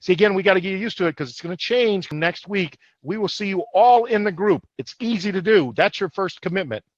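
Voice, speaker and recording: A man's voice: high-pitched, a little fast, no echo. A man co-hosting a motivational online business webinar, emphatic and forever checking in with "all right?". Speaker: co-host. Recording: dull lo-fi livestream audio.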